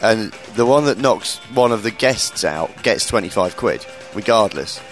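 A man's voice: a little slow, faint music behind. Chatty comedian in his thirties. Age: 30s. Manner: lively storyteller, swears, mimics people in high voices. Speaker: comedian and podcast host. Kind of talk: casual chat.

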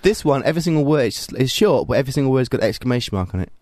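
A man's voice: medium pitch, animated, very fast, a little mellow, no echo, clean studio sound. Wry podcast co-host man reading messages. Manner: wry, playful, self-deprecating. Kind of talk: reading listener messages in casual banter. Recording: music playing underneath.

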